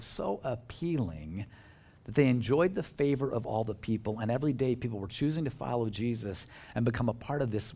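A man's voice: mid-range voice, creaky, husky. A male pastor giving a conversational sermon in a church, joking with the congregation and asking them questions. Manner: conversational and animated, jokes with the congregation.

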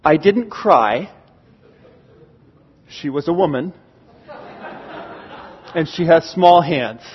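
High-voiced pastor preaching in a reverberant hall. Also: male voice, slow. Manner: storytelling, animated with acted-out exclamations. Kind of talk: sermon. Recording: dull, lo-fi recording with long hall reverb.

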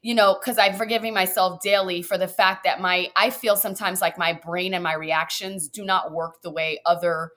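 Woman, guest coach, podcast chat, expressive, animated delivery. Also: lowish voice, moderate pace, hardly any pauses. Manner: animated, expressive, acts out quotes. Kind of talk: heartfelt podcast conversation.

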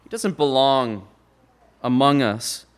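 A man preaching a sermon, building to loud stressed words and then dropping to quiet, low phrases. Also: expressive, slow pace, clear, resonant tone.

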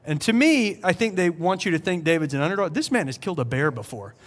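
A man in his thirties preaching a sermon, retelling a story in a casual, animated way with playful voiced asides. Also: a little high, quick pace. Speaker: pastor.

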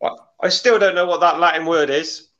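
A man's voice: fairly high pitch, steady tone, a little fast, a bit bright, dull audio. A man chatting casually as a guest, dry and understated. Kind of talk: casual chat.

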